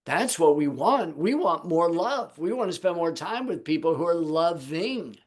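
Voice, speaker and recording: A man's voice: a little high, animated, a little slow. A man teaching the Bible on a Sabbath video call, posing rhetorical questions to his listeners.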